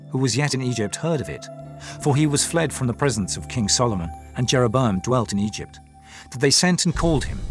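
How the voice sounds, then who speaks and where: A man narrating a dramatized scripture reading in a measured, formal manner. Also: medium pitch. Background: faint music.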